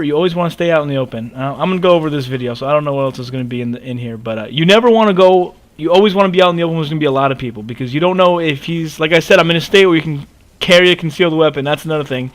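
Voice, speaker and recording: A man in his twenties telling a story in a casual, animated way over gameplay, with lots of cursing and emphasis. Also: on the high side. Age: 20s. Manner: animated, profane, emphatic ranting. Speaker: gaming video creator.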